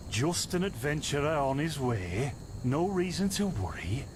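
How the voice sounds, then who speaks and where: A man's voice: medium pitch, slow pace, noisy background. An actor playing a friendly, dryly amused male apothecary in a video game. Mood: genial. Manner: genial, dryly amused, lively. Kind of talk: game voice acting.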